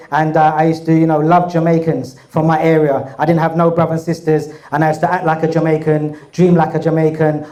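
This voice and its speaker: A man's voice: warm tone, reverberant. A man, speaking with a cold, telling a rambling story to an audience and acting out the voices of others. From England. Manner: chatty, rambling, acts out dialogue with raised pitch. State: has a cold. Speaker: guest speaker. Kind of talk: casual storytelling talk to an audience.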